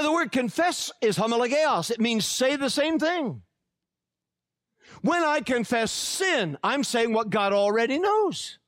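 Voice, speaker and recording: A man preaching a sermon as pastor, emphatic, slowing down to read scripture aloud and joking with the congregation. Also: high voice, a bit bright, no room sound, clean studio sound. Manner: jokes and laughs with the congregation.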